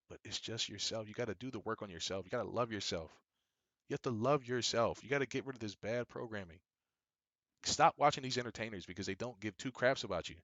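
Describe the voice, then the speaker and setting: Young guy ranting fast and preachy, lowish voice, repeats himself a lot. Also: lively intonation, fairly bright tone, no echo. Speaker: business coach. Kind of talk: casual monologue commentary.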